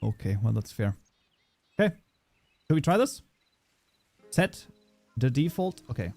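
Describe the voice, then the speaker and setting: A man's voice: mid-range voice, sing-song, a little slow, gravelly, dark tone, faint music behind. Chatty German-accented man streaming a tutorial. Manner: chatty, reads viewer chat aloud and answers it. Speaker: modding streamer. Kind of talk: casual livestream tutorial.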